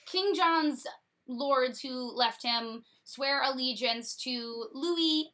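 A woman's voice: high-pitched, pushed and bright. A woman giving a breezy, sarcastic comedic retelling of a story.

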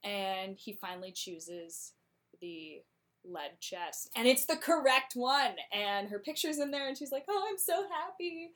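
A woman casually recapping a plot in a chatty, slangy way, with quick laughs. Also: medium pitch, fairly bright tone.

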